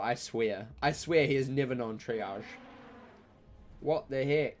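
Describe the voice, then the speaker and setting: A young man, chatting casually through a live-streamed game, joking and breaking into loud outcries. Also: mid-range voice, unhurried. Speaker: gaming streamer.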